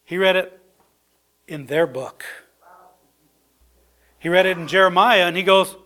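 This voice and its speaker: High-voiced man preaching a sermon. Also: unhurried. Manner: conversational, swinging between soft low asides and excited high bursts.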